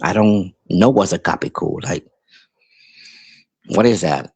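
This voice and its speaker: A man who grew up between Puerto Rico and New York, hosting a podcast and telling a rambling casual story with many restarts and animated outbursts. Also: sits low, unhurried, creaky, breathy edge. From Puerto Rico, raised in New York. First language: English. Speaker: podcast host.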